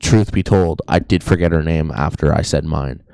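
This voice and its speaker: A man's voice: extremely low pitch, moderate pace, vocal fry, warm tone, smooth, dry recording. A young man co-hosting a podcast, telling a story in a joking, rambling way and often saying "anyways". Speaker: podcast co-host. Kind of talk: casual storytelling chat.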